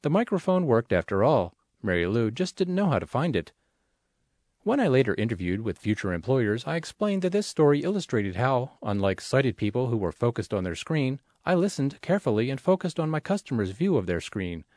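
A man reads magazine articles aloud in a scripted way, clear and measured. His pitch moves a lot, giving the reading lots of life. The sound is dry and close, with no room echo. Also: sing-song, darkish tone. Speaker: reader of an audio magazine. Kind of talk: scripted read-aloud narration.

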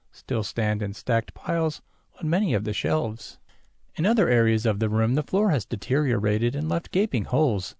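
A man's voice: creaky, a little mellow, no echo, clean studio sound. A man reading a science fiction story aloud, narrating and doing the characters himself. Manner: reads all character voices himself with small pitch shifts. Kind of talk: audiobook narration of a sci-fi story.

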